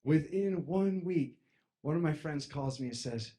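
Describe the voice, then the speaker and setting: A young man telling a personal story to an audience, acting out the voices of his friends and jumping from loud, high outbursts down to low mutters. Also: a little slow. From East Coast of the United States. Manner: lively, acts out friends' voices, jumps loud and high then drops to a mutter.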